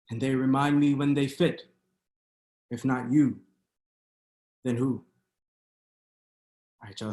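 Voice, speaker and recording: Spoken-word poet in an echoey room. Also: male voice, mid-range voice. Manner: rhythmic spoken-word delivery with hesitant fillers between pieces. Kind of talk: poetry reading. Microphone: video call.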